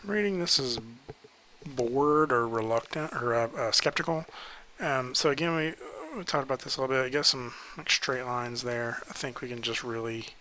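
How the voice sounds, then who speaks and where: Bright-voiced man critiquing drawings. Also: mid-range voice, moderate pace, a little hiss or hum, low-quality recording. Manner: relaxed, hesitant, many ums and likes. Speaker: art instructor giving pose feedback. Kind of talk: casual critique while sketching.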